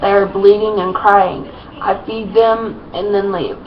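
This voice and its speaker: A woman's voice: mid-range voice, steady tone, a little slow. A woman reading her own story aloud in a plain, unpolished way, with small slips and restarts. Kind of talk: reading fan fiction aloud. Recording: muffled lo-fi with faint noise.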